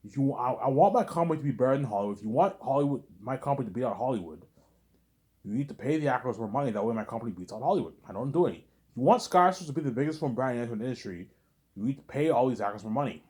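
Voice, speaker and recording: A man's voice: mid-range voice, animated, racing, a little mellow. A man talking through a rambling, repetitive monologue with a lot of swearing, reenacting conversations as he goes. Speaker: vlogger.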